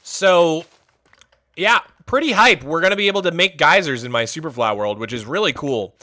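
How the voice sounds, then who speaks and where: A man's voice: a little high, expressive, moderate pace, pushed and bright. A man chatting casually on a livestream, chatty and enthusiastic, rambling as he goes. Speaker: streamer.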